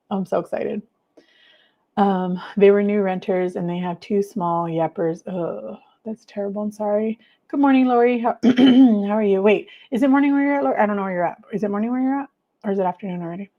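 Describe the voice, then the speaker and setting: A woman hosting a casual livestream, chatting warmly with viewers, gushing and trailing off with many fillers. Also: mid-range voice, highs cut off. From United States. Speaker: livestream host.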